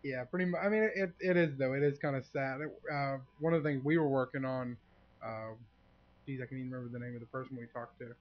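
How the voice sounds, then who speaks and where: A man's voice: medium pitch, fairly even intonation, fast. Joking man hosting, muffled sound. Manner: loose, joking, many "you know" fillers. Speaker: podcast host. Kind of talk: casual podcast chat.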